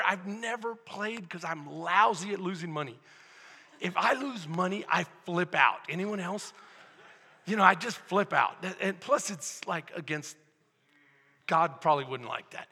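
A Texan pastor with a very high, piercing bright voice preaches in an animated way, acting out the scene and swinging from shouts to hushed asides. His sermon rings with the long reverb of a church hall. The delivery is energetic and theatrical.

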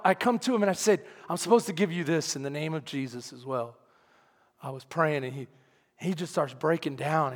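A man preaches in a high, lively voice that carries through a large hall with a long echo. He acts out the lines of his story, dropping to near murmurs and then climbing to shouts, with frequent laughter. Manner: animated, acts out dialogue, laughs often, swings from quiet to shouting. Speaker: pastor. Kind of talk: sermon with storytelling.

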